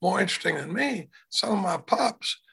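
A man voicing a smooth-talking old male hound dog with a gravelly voice. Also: high-pitched, lively intonation, moderate pace, bright, forceful tone, exaggerated voice. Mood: boastful.

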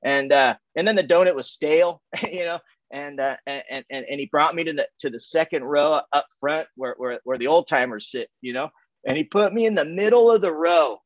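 A man's voice: fairly high pitch, fairly quick, dry recording, dull audio. A man telling his recovery story at a meeting in a loose, rambling way, with lots of fillers and restarts and frequent laughs. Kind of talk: casual personal story share. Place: home via video call.

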